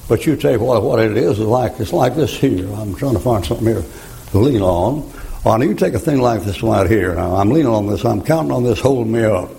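A man's voice: fairly low pitch, lively intonation, brisk, gravelly, dark tone, poor audio. A man, preaching a folksy, joking sermon and laughing at his own stories.

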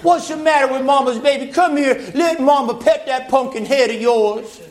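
A man's voice: extremely high pitch, normal speed, pitched above the performer's own voice. A man preacher voicing a doting queen who babies her sulking husband in a cooing, motherly way. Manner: cooing, babying. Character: doting queen Jezebel, coddling motherly woman.

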